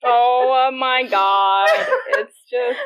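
A young adult woman co-hosting a podcast in casual chat, animated and laughing as she acts out quoted lines. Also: on the high side, takes it slowly, highs cut off, heavy background noise. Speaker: podcast co-host.

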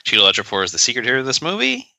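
A man's voice: mid-range voice, wildly swooping pitch, very fast, vocal fry, pushed and bright, no room sound. A man co-hosting a podcast, talking in a casual, joking and sarcastic way, rambling with many fillers. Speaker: podcast co-host. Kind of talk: casual chat. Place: podcast recording session.

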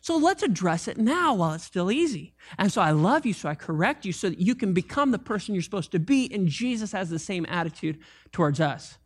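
A man preaching a sermon as pastor, animated and conversational, with jokes and asides to the congregation. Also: high voice, a little fast.

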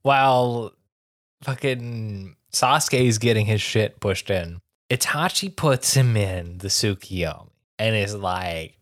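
A man's voice: on the low side, animated, slow pace. A man co-hosting a casual podcast, making wry, joking complaints about an anime. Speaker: podcast co-host. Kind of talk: casual anime recap chat.

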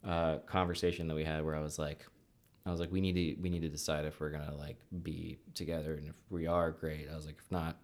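A man's voice: very deep voice, level tone, quick pace. A man hosting a podcast, telling long rambling stories in casual chat and acting out quotes. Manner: rambling storyteller, acts out quotes.

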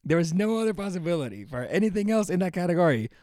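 An excitable young man with a somewhat higher voice, telling stories in animated bursts. He swears freely and laughs a lot. The recording is dry and close-miked. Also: fast talker, dry recording. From Philadelphia area. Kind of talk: casual storytelling chat.

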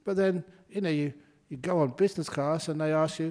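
Chatty monk with a raised voice. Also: male voice, a little high, a little fast, darkish tone. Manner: chatty, laughs at his own stories. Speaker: Buddhist monk teacher. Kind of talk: humorous dharma talk.

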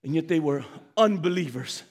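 A man preaching a sermon as pastor, speaking straight to his congregation, swinging from hushed, slow lines to sudden shouts. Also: a little high, lively intonation. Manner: addresses the congregation directly.

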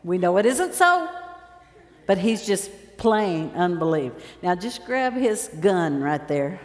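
A woman preacher giving a lively sermon, telling stories and acting out the scenes as she goes. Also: fairly low pitch, slow pace. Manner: lively storytelling, acts out scenes. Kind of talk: sermon with stage demonstration. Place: large church hall. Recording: roomy echo, long hall reverb.

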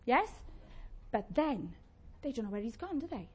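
A woman preaching a sermon, animated and conversational, with playful asides to the congregation. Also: fairly high pitch, moderate pace, breathy edge.

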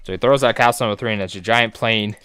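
Smooth low-voiced man recapping. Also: very fast, fairly bright tone, dry recording. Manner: joking, profane, rambling. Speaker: podcast co-host. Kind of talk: casual recap chat.

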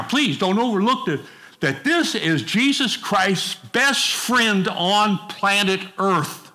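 A man's voice: fairly high pitch, pushed and bright. A middle-aged male pastor preaching a sermon in a folksy, conversational way, with casual asides to the congregation.

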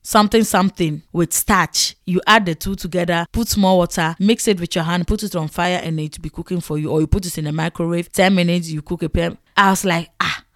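A woman from Ghana with a Ghanaian English accent, telling animated, exclamatory stories to the camera and acting out her own past reactions. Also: lowish voice, fairly quick, few pauses, no echo, clean studio sound. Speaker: vlogger. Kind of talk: casual storytelling to camera.

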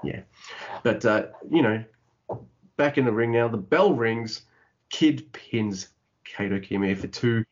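A man's voice: mid-range voice, takes it slowly, pauses often, lo-fi sound. A man co-hosting a podcast, chatting casually and animatedly about wrestling, swearing often and acting out what the wrestlers said. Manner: animated, swears a lot, acts out wrestlers' lines. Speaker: podcast co-host.

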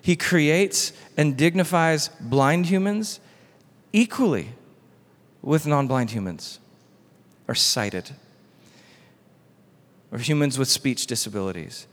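Animated male preacher in a reverberant hall. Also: medium pitch, measured pace, pauses often. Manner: animated, acts out quoted dialogue in a casual modern voice. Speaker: pastor. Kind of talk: sermon. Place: church hall.

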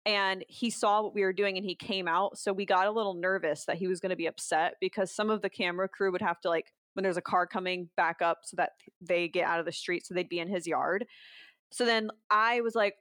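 A woman on a podcast tells a personal story in casual chat, candid and unguarded, with plenty of "like"s and the odd curse. Her voice sits at a middle pitch and comes through smooth and clear. The recording is dry and close. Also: fairly even intonation, fairly quick, fairly bright tone, dry recording. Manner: candid, swears freely, many filler "like"s. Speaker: podcast guest.

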